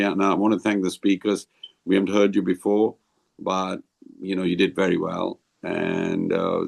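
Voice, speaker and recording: A man leading a devotional group discussion over a video call, explaining slowly and rambling a little. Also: low-pitched, gravelly, darkish tone.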